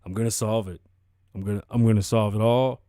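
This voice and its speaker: Brief: man doing a gruff male bounty hunter, deep and flat, loud and blunt, dry close recording. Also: fairly quick, no room sound, close to an everyday voice. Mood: stern.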